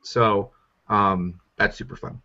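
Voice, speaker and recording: A man's voice: lowish voice, fairly even intonation, slow, pushed and bright. A man co-hosting a podcast, chatting keenly about a game with lots of "like" and "um". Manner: enthusiastic, heavy use of filler "like". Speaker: podcast co-host. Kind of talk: casual chat. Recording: dull lo-fi podcast audio.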